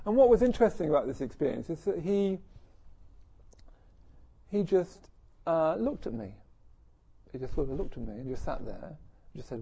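A man's voice: fairly high pitch, sing-song, moderate pace, pauses often, warm tone. A middle-aged man giving a reflective personal talk to an audience, musing and self-deprecating. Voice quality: gravelly, husky.

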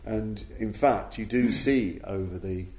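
A man's voice: lowish voice, measured pace, warm tone, slight background noise. A man giving a reflective Buddhist dharma talk as a teacher, retelling an old story in an earnest way and often restarting phrases. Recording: echoey room.

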